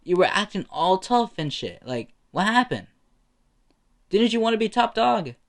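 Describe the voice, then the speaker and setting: A man's voice: high voice, sing-song, normal speed, gravelly, pitched above the performer's own voice, full character voice. Man doing a smug taunting teen boy. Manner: taunting, laid-back. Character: calm, smug teen boy with ice powers.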